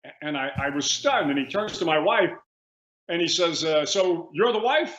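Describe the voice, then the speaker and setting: A man in his sixties, a retired admiral, telling stories as a guest in a measured way with frequent restarts, heard over a remote line. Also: on the high side, fairly bright tone. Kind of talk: remote interview. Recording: echoey, dull remote line.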